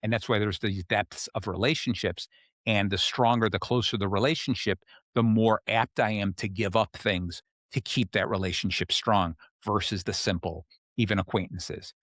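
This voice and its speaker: Low-voiced man coaching in casual talk. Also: fairly even intonation, moderate pace, fairly bright tone, no echo, clean studio sound. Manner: explanatory, checks in with "okay?" often. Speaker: podcast host. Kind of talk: casual self-help talk.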